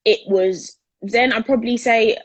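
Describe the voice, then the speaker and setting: Husky woman, earnest and animated. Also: fairly high pitch, measured pace, no room sound. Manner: earnest, animated, repeats words for emphasis. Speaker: peer educator. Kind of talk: casual discussion.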